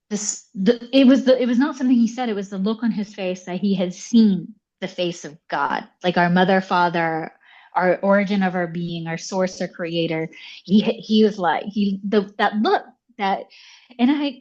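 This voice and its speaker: A woman guest telling a personal story in conversation, animated and full of fillers like "like" and "you know". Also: mid-range voice, moderate pace, muffled recording. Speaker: podcast guest.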